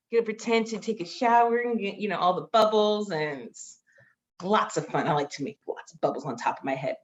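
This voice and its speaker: A woman librarian reading picture books aloud to children over a video call, exclaiming and gasping as she goes. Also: fairly high pitch. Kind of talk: children's storytime read-aloud. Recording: dull lo-fi video call audio.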